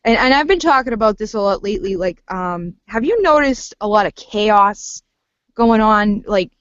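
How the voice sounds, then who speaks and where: A woman's voice: mid-range voice, animated, moderate pace, a bit bright, no echo. A woman hosting an interview, chatting casually in an enthusiastic and rambling way. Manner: enthusiastic, rambling, many fillers. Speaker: host. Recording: muffled, dry sound.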